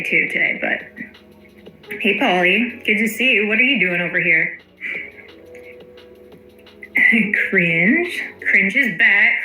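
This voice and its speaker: A woman's voice: medium pitch, bright, forceful tone. A woman hosting a casual livestream, greeting viewers by name and swearing freely. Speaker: livestream host. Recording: echoey room with faint music.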